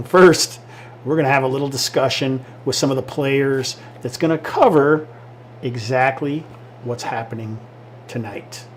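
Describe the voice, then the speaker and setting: A man's voice: medium pitch, fairly even intonation, measured pace, slight background noise. A man hosting a tabletop game livestream, chatty and upbeat, often laughing. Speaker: game master and stream host. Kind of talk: casual livestream introduction.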